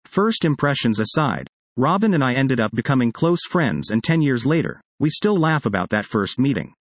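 A man reading a first-person magazine article aloud in a lively, expressive way. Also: mid-range voice, normal speed, no echo.

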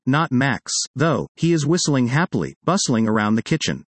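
A man reading a personal essay aloud in a wry, expressive storytelling manner. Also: mid-range voice, moderate pace, hardly any pauses, dry recording. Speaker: narrator.

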